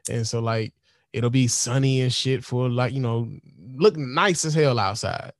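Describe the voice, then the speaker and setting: A man's voice: medium pitch, a little slow, no room sound, studio quality. A man, chatting casually in a laid-back, profane way. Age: 40s. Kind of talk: casual chat.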